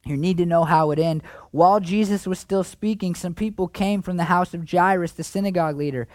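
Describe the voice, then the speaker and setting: A man's voice: sits high, a little fast, dry recording. Conversational male pastor preaching. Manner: conversational preaching, swings from animated to hushed. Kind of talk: sermon.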